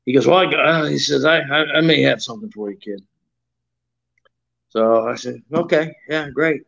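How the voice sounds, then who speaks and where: A man's voice: medium pitch, normal speed, vocal fry, fairly bright tone, dull audio. Folksy older man telling stories. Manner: folksy, acts out quoted voices, many fillers. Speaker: retired pro wrestler, interview guest. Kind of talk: shoot interview storytelling.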